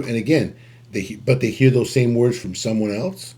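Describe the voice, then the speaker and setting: A man's voice: medium pitch, normal speed, dark tone. A man co-hosting a casual podcast on relationships, talking with many fillers and repeating points as if preaching them. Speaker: podcast co-host.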